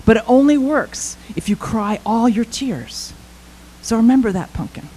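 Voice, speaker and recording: A woman doing a gentle, patient custodian. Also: on the high side, expressive, moderate pace, a little hiss or hum, natural voice, poor audio. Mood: tender. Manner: patient, coaxing, tender. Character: gentle kindly male school custodian.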